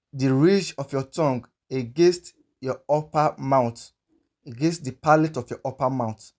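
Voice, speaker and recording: A man teaching a pronunciation lesson, speaking slowly and patiently and repeating each sound many times. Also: medium pitch. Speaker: language teacher.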